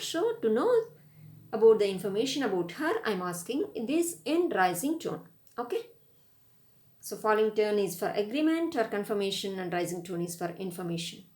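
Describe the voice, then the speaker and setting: A woman teaches a grammar lesson, explaining slowly and patiently. She shows rising and falling intonation as she goes, in a voice of average pitch. The room around her has a clear echo. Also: darkish tone. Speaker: English lecturer.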